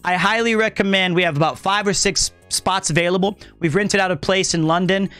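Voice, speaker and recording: A man's voice: high voice, fairly even intonation, a little fast, pushed and bright, smooth, dry recording, soft background music. A young man streaming live, chatting casually and thanking viewers in an upbeat way.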